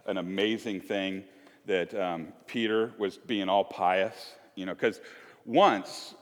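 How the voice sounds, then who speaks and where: A man's voice: sits low, fairly even intonation, takes it slowly. A man preaching a chatty, joking sermon to his congregation, acting out little scenes as he goes. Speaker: pastor. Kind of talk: conversational sermon. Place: church sanctuary. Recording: echoey church hall.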